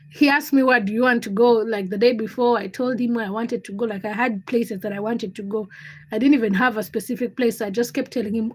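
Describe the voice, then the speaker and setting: A young woman hosting a livestream, chatting to viewers and telling a story. She swings between hushed asides and excited squeals. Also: a little high. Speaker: livestream host. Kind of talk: casual chat with live viewers.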